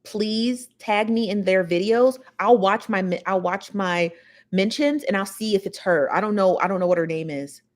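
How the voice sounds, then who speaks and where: A woman's voice: medium pitch, moderate pace. A woman hosting a casual livestream, rambling and chatty as she talks straight to her viewers. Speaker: show host.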